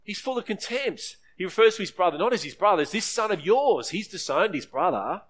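A man's voice: animated, fast, a bit bright. A man preaching a sermon, earnest, briefly acting out the voices in the story. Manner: earnest preaching, acts out quoted voices with rising pitch. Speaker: pastor.

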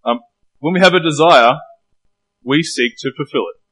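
A man preaching a sermon in a relaxed, conversational way, posing rhetorical questions. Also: a little high, normal speed, faint music behind, rough recording.

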